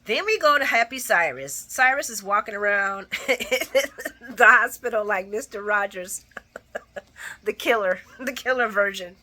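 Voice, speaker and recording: A woman hosting a casual soap opera recap, animated and blunt, laughing often and acting out the characters' lines. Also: medium pitch, measured pace. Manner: blunt and profane. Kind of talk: casual spoken episode recap.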